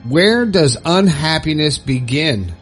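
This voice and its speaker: A man's voice: a little high, lively intonation, takes it slowly, faint music behind. A man hosting his own podcast, talking in a chatty, upbeat, folksy way. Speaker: podcast host. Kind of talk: casual solo podcast talk.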